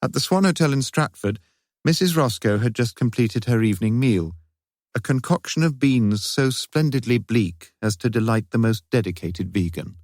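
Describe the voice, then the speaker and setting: A man reading an audiobook detective novel in a measured, wry narration. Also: mid-range voice, animated, a little mellow, no echo, clean studio sound. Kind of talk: scripted narration.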